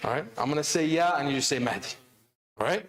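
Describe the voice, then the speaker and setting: Animated man preaching in an echoey hall. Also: fairly high pitch, fast talker, crowd noise. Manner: animated, calls on the audience with repeated questions. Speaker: speaker at a religious celebration. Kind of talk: interactive sermon. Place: large hall of an Islamic center.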